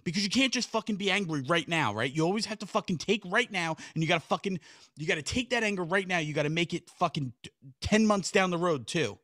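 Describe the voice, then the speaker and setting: A man's voice: high voice, expressive, fast, a bit bright, no echo, studio quality. Man ranting, frustrated and profane. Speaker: podcast co-host. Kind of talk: casual sports podcast banter.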